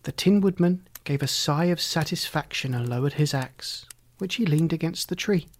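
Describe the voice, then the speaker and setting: A narrator reading a children's storybook aloud in a measured way, sometimes dropping near a whisper. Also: mid-range voice. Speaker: audiobook narrator.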